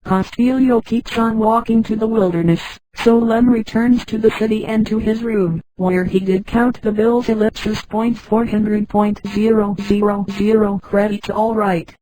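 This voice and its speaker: A woman narrating a science fiction story in a flat synthetic reading that speaks punctuation names aloud. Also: mid-range voice, a little slow, few pauses, no echo, poor audio. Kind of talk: scripted narration.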